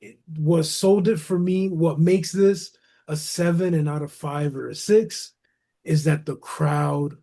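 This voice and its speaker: A man co-hosting a casual wrestling podcast, talking in an animated, slangy way and calling his co-host "bro" and "man". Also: on the high side, slow.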